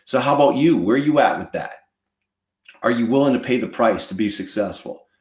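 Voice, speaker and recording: A man's voice: mid-range voice, lively intonation, a little fast, a little mellow, echoey room. A man giving a motivational talk as a coach, emphatic and preachy, repeating lines for effect. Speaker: mortgage marketing coach.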